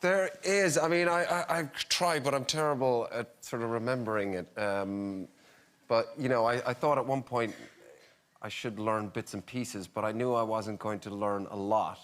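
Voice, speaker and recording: A man of middling pitch answers a talk show host haltingly, stacking fillers and restarts as he pokes fun at his own efforts. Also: fairly bright tone. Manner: hesitant, self-deprecating, many fillers. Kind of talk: casual chat.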